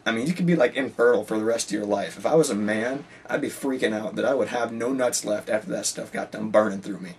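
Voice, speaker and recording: A man's voice: lowish voice, fast talker, creaky, hardly any pauses, recorded from a distance, slight background noise. A teenage boy casually telling stories about his school day, rambling with lots of "like" and "you know.". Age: teens. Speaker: high school student. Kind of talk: casual storytelling.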